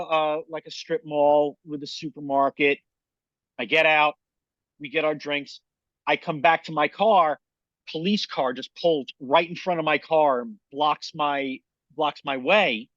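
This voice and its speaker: A man's voice: a little high, pushed and bright, no room sound, highs cut off. A man co-hosting a podcast, telling a rambling story in casual chat and acting out quotes. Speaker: podcast co-host.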